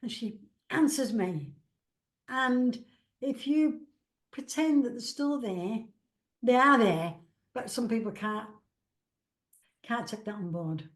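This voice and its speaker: A woman's voice: fairly high pitch, animated, takes it slowly, long pauses. A woman from England, a psychic medium and author, chatting in a rambling way and acting out the dialogue she recalls. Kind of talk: casual storytelling interview.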